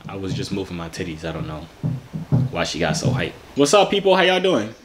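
A New York man in his twenties flirts playfully with strangers on a video app, tossing street-slang jokes to his viewers. His low voice swoops wildly in pitch and runs a little fast, with background noise behind him.

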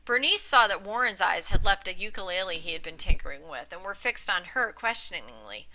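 A woman reads a classic short story aloud in a very bright, sharp-edged voice. She narrates at an even middle pitch, now and then stumbling and restarting a phrase, and lifts her tone for the quoted speech. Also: a little fast, rough recording. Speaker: reader. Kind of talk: audiobook narration.

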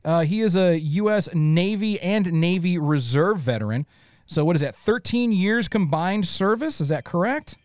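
A man's voice: sits high, lively intonation, moderate pace, darkish tone, no echo, studio quality. A man hosting a podcast panel, introducing guests with playful jokes. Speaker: host. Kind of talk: casual podcast panel chat.

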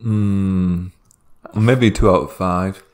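A man co-hosting a comedy podcast, trading dry, deadpan quips while improvising a movie plot. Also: deep voice, slow. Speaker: podcast co-host.

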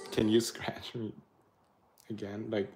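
A young man hosting a casual livestream, chatting and laughing as he reads out viewer comments and thanks them. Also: fairly low pitch. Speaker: livestream host reading chat.

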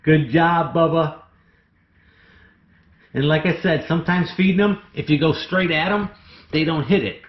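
A man keeping snakes, talking through a casual how-to vlog in an excitable, chatty way. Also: a little high, fairly quick. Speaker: snake keeper. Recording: echoey room, dull lo-fi sound.

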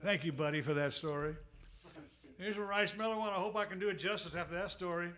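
A man's voice: high-pitched, quick pace, a bit bright. A man, a bandleader at a live gig, telling a long anecdote between songs in a rambling, conversational way, full of asides, recorded on a stage microphone in a music club. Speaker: bandleader and harmonica player.

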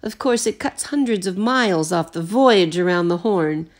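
Booming old sea captain in a storybook read-aloud, voiced by a woman, bold and jolly. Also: lively intonation, normal speed, close to an everyday voice. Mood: hearty. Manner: booming, hearty.

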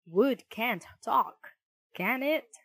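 A woman's voice: fairly high pitch, lively intonation, drawn-out words, fairly bright tone, no echo, exaggerated voice. A woman voicing a puzzled, jumpy male carpenter in a storybook reading, exclaiming and wondering aloud.

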